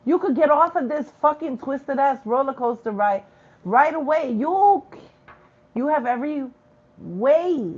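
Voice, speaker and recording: A woman preaching spiritual tough love in a vlog. Her voice sits fairly high, and she talks bluntly, full of cursing and slang. The recording sounds dull and lo-fi. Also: animated, unhurried, darkish tone. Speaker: spiritual reader.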